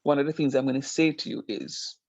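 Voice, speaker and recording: A man's voice: mid-range voice, fairly quick, no echo, highs cut off. A man teaching a math class over a video call, telling stories with emphasis before explaining rules. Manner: animated storytelling, emphatic. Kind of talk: online math lesson.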